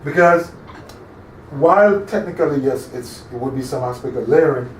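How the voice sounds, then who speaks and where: A man's voice: medium pitch, normal speed. A male instructor giving an interactive classroom lecture, often quizzing his listeners and checking that they follow. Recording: echoey room, distant mic, faint hum.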